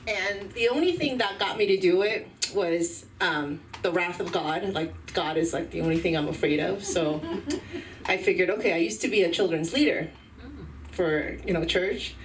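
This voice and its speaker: A woman's voice: on the low side, moderate pace. A woman headlining a stand-up set, hesitant, with ums and small laughs. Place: comedy club open mic. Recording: far from the mic, faint room noise.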